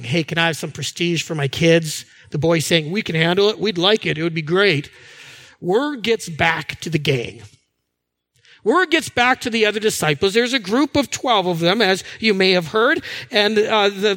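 A man preaching a sermon, animated and conversational, acting out the voices of people he quotes. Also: high voice. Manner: animated, acts out quoted voices, restarts words. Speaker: pastor. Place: church hall with a screen.

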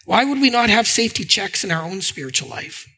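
A man with a very high, bright, ringing voice preaches a sermon. He tells stories with animation and acts out what others say, often tripping over repeated words. He sounds middle-aged and speaks like a pastor to his congregation. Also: brisk, vocal fry, slightly rough, poor audio. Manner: animated storytelling, acting out quoted voices, frequent stammered repeats.

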